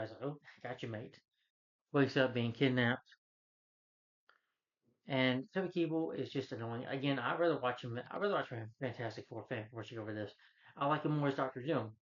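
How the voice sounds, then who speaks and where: A man's voice: mid-range voice, lo-fi sound. Rambling man ranting about a movie. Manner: rambling, retells scenes acting out lines. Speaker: film reviewer. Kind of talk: casual spoken movie rant.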